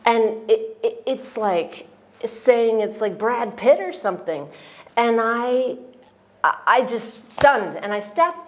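A woman's voice: on the high side, expressive, slow pace. A woman giving an emotional personal testimonial at a retreat, telling her story with many restarts and quoted voices. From United States.

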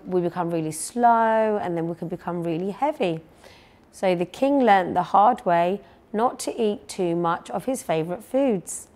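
A young woman reading a picture book aloud to children, gentle, patient and clear. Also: medium pitch. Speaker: children's storyteller.

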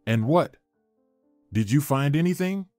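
A man's voice: fairly high pitch, lively intonation, measured pace, a little mellow, no room sound, faint music behind. A man reading the part of a young woman, exclaiming and upset. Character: young woman, anxious and teasing friend.

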